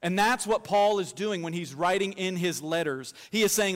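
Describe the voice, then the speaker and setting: A man with a notably high voice delivers a sermon as pastor, telling lively stories and slipping in jokes. His voice rings out with a long hall reverb behind it. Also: normal speed, hardly any pauses. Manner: animated storytelling with humor.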